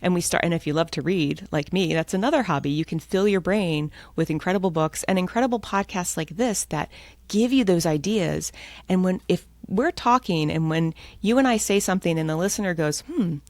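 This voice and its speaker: Guest author, American woman, lively and upbeat, low-pitched, close dry mic. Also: fairly quick, dry recording. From United States. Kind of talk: podcast interview.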